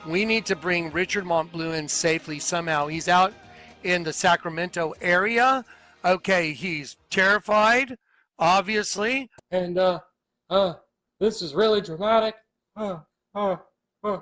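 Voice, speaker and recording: A man's voice: high voice, a little slow, bright, forceful tone, faint music behind. A man hosting a livestream, ranting in an agitated, accusatory way and repeating himself. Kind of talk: heated livestream rant.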